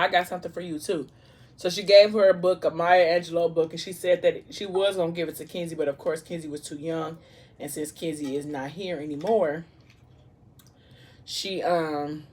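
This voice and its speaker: A woman vlogger chatting casually over a meal, retelling a story in an animated way with playful asides. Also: lowish voice. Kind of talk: casual storytelling during a mukbang.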